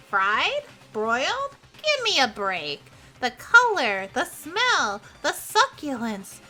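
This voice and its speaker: A high, bubbly game sportsgirl. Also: huge pitch swings, very slow, sharp tone, heavily acted. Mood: chirpy. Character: peppy young woman athlete, food-obsessed. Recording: game audio with faint music.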